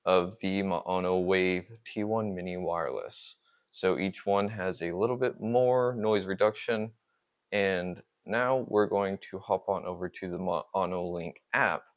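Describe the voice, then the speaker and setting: Male host, casual tech review; slightly low voice, friendly and upbeat. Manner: chatty, upbeat, laughs easily. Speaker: podcast host reviewing microphones.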